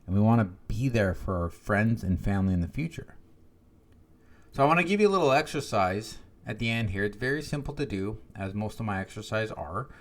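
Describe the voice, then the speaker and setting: A man hosting a wellness podcast, conversational. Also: mid-range voice. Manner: conversational, often adds "right?" as a tag. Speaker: podcast host. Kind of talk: casual spoken coaching monologue.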